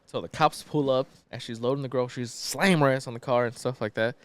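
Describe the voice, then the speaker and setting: A man's voice: medium pitch, fast talker. A man co-hosting a podcast, casually retelling a movie plot in a laid-back, profane way with lots of fillers. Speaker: podcast co-host.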